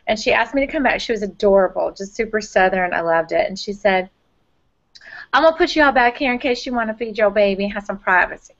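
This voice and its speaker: A woman hosting a casual conversation, chatty and quick to laugh, who imitates the people in her stories. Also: medium pitch. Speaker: host. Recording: dull lo-fi recording.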